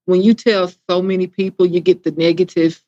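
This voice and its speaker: Soft, low-voiced accented woman guest. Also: flat delivery, fairly quick, no echo, lo-fi sound. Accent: foreign accent. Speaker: guest, former patient. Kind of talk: casual interview chat.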